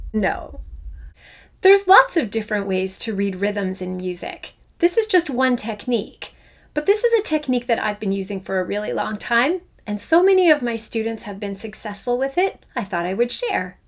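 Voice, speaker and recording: A middle-aged woman music teacher from Canada, giving a playful, upbeat online lesson for children. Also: on the high side. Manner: enthusiastic, playful, speaks to children.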